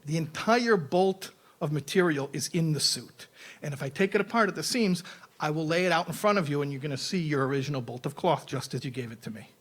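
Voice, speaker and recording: A man voicing a calm tailor in a told parable, explaining patiently. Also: on the high side, a little fast. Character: calm, careful male tailor, king's friend.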